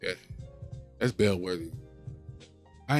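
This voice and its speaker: A man hosting a casual reaction livestream, animated and profane, talking straight to his chat. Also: lowish voice, normal speed, music in the background. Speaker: livestream host.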